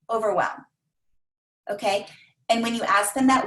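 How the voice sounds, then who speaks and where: A woman coaching a team of coaches in an energetic, repetitive manner, often acting out the voices of clients. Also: on the high side, unhurried, pauses often, roomy sound, poor audio. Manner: energetic, repeats phrases, acts out clients' voices.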